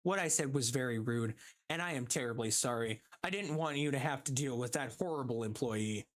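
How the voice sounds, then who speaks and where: A streamer voicing a fussy, rude woman customer at a sandwich shop in a lowered, prim voice. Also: brisk, lightly acted. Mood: fake apologetic.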